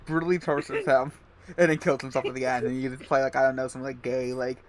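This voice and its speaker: A man's voice: medium pitch, little pitch movement, fast. A man chatting casually on a game stream, rambling through tangents with laughs and crude jokes. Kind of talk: casual chat over a game.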